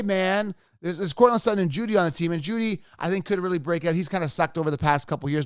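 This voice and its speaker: A man's voice: a little high, no room sound, clean studio sound. A man ranting about sports picks in an emphatic, mocking way with repeated outbursts. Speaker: fantasy football YouTuber. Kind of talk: opinionated ranting commentary.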